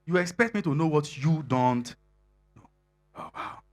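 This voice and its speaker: A middle-aged man preaches to singles in a conversational way, laughing often and building up to loud emphasis. His voice sits on the high side, expressive and unhurried.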